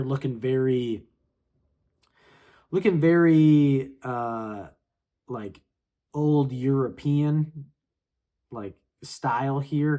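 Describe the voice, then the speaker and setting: A manga reaction host with a mellow, medium-pitched voice casually talks through a comic chapter in read-along commentary. He's laid-back and his speech is full of slangy filler.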